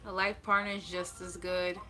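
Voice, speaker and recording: A woman tarot reader speaks in a lower register with a bright, forceful tone. She talks to her viewers casually and bluntly, swearing freely. She reassures them and drags out the words she wants to land. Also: little pitch movement, slight background noise, low-quality recording. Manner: emphatic, drawn-out stresses. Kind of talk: casual livestream talk.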